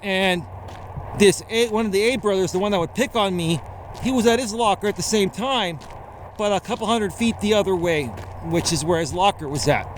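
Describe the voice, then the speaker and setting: A man working as a life coach tells a story in a casual vlog while walking a trail at night, speaking in an animated, chatty way and often adding "right?", recorded on a phone with a small shotgun mic. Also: sits high, normal speed. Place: outdoors on a trail at night near a freeway. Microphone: phone on a selfie stick with a mini shotgun mic. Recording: outdoor traffic noise behind.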